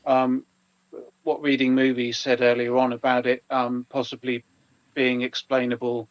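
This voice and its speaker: A man's voice: mid-range voice, completely flat delivery, normal speed, lo-fi sound. A man co-hosting a casual podcast, talking hesitantly with many ums and stammered restarts. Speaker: podcast co-host. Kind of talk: casual live podcast chat.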